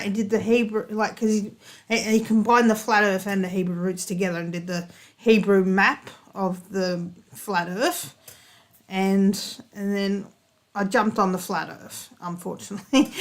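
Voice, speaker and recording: Chatty hesitant woman guest. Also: mid-range voice. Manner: hesitant, lots of fillers and restarts, chatty. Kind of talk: casual chat.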